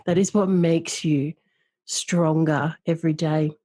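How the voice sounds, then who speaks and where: A woman hosting a podcast, talking in an earnest, reflective way and slowing down on the words that matter most to her. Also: deep voice, fairly even intonation, dark tone, no room sound. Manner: earnest, reflective, speaks slowly at key words. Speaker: podcast host. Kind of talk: emotional podcast conversation.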